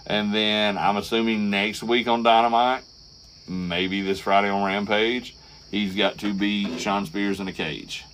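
A man co-hosting a podcast, recapping wrestling in casual, profane, animated chat. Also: lowish voice, a little slow, a little hiss or hum. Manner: profane, animated storytelling with acted quotes. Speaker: podcast co-host.

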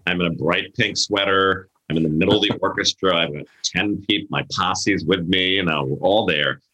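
In an echoey room, a middle-aged event planner tells stories during a casual interview, acting out the voices of the people he quotes. His voice is low-pitched, pushed and bright, at normal speed.

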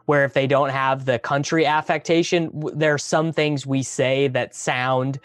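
A man's voice: medium pitch, steady tone, normal speed, no echo. A man from the American Midwest with a plain Midwestern accent, chatting bluntly on a podcast and often repeating words as he starts a sentence. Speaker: podcast co-host. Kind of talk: casual chat.

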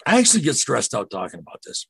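Husky man telling an earnest story. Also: mid-range voice, wildly swooping pitch, a bit bright, no echo. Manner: earnest, halting, retells dialogue. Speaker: podcast guest. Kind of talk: casual first-person storytelling.

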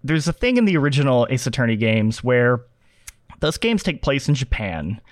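A man's voice: mid-range voice, moderate pace, no room sound. Dry-sounding man chatting animatedly. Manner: animated, lots of fillers and acted-out quotes. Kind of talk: casual chat.

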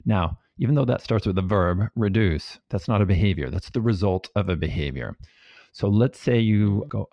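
A man with a low, gravelly voice lays out his ideas calmly and practically, now and then with a light playful touch. The recording is dry and close but a little dull and lo-fi. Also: moderate pace, dry recording. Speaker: researcher and guest. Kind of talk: explaining in an interview.

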